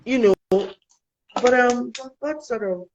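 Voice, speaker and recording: A woman's voice: on the high side, slow pace, highs cut off. Earnest young woman from Africa. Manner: earnest, animated, quotes people in dialogue. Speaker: guest. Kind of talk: casual personal storytelling.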